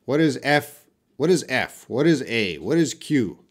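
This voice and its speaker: Slow, patient male English teacher. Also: medium pitch, very animated. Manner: slow, patient, reads sentences aloud and quizzes viewers. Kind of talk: live online lesson.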